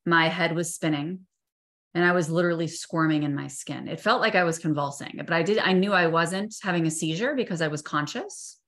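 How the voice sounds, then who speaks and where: A middle-aged woman, a therapist, reading aloud a personal chapter of her own book in a measured, soft way. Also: lowish voice. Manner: measured and soft, slowing on tender memories.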